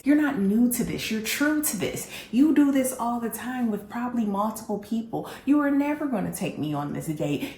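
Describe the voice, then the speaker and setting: Woman vlogger, candid storyteller, lively and blunt, mid-pitched voice, roomy echo. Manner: animated and blunt, addresses the audience directly. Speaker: vlog host.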